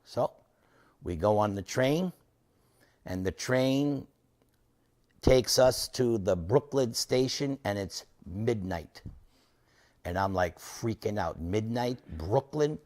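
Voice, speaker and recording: Slow-talking man in his sixties telling a story. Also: fairly low pitch, lively intonation. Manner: dramatic storytelling, swinging from loud to soft. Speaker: devotee lecturer. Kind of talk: storytelling lecture.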